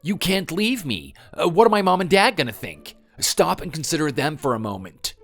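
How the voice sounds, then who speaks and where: Brief: man as pleading husband, expressive delivery, soft music underneath. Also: on the high side, normal speed, exaggerated voice. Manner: defensive, pleading. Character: defensive husband clinging to his marriage. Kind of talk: scripted dialogue drama.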